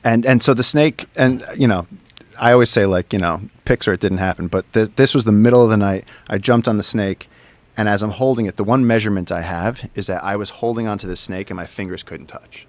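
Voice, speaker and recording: A man guesting on a podcast, telling an adventure story in an excitable, rambling way, dropping to a whisper when he quotes people. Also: on the low side, brisk, dry recording. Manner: excitable, drops to whispers for quoted speech, lots of fillers. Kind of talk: animated storytelling in conversation. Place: podcast studio.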